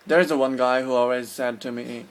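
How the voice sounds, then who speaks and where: A man's voice: mid-range voice, steady tone, moderate pace, clean tone. A man from Korea, a native Korean speaker with a Korean accent, vlogging his opinions in an earnest, casual way and often stopping to search for words.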